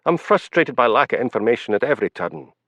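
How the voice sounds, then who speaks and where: A male audiobook narrator voicing a wry, stubborn Highland police sergeant with a Scottish accent and a dry, sarcastic manner. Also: big pitch swings, fast talker, fairly bright tone, dry recording, dull audio. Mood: frustrated.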